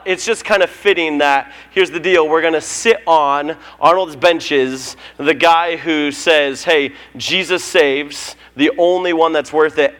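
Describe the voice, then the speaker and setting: A man's voice: high-pitched, fairly bright tone. A man leading a church service who gives the announcements in a casual, joking way, telling stories with many fillers. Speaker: pastor.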